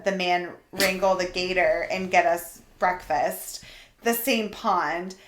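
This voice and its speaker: A woman co-hosts a podcast, telling a story in a lively, animated way and laughing as she goes. Her voice sits in the middle of the range. The room gives it a noticeable echo. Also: mid-range voice. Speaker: podcast co-host. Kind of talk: casual chat. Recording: roomy echo.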